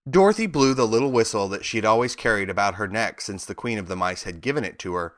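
A man reading a children's storybook aloud, expressive and animated. His tone is bright, and his pitch moves a lot through each sentence. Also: fast talker, hardly any pauses. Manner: expressive narration. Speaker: reader.

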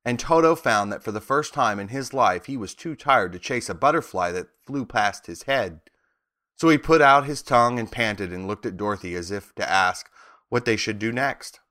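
A man reading a children's storybook aloud with expressive narration. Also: lowish voice, normal speed. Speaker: reader.

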